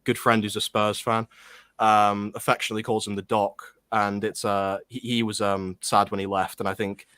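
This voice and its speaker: A man's voice: lowish voice, little pitch movement, moderate pace, fairly bright tone, clear, resonant tone, dry recording. A man speaking as a guest on a football chat stream, hesitant, with frequent "um"s and restarts.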